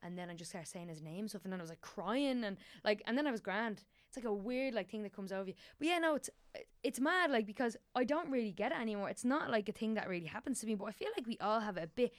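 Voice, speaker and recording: A woman's voice: medium pitch, animated, quick pace, hardly any pauses, no echo, clean studio sound. A young Irish woman chatting casually as a podcast guest, rambling with many fillers and restarts.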